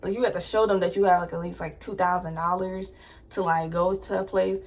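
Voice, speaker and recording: A woman's voice: lowish voice, level tone, brisk. Chatty young woman telling a storytime. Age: young adult. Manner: chatty, full of "like" fillers. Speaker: vlogger. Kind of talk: casual storytime.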